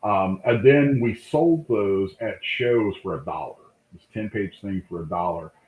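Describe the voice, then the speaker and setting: A man, a comic book artist, telling lively anecdotes in a casual interview, acting out the voices of people in his stories. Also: on the low side, measured pace. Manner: animated anecdote-telling, acts out quoted voices. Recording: tinny call line in an echoey room.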